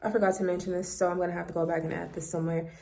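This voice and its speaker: A woman's voice: fairly low pitch, flat delivery, rapid-fire, creaky, warm tone. A woman vlogger telling a personal story in a casual monologue, candid and blunt, swearing freely, recorded on a phone.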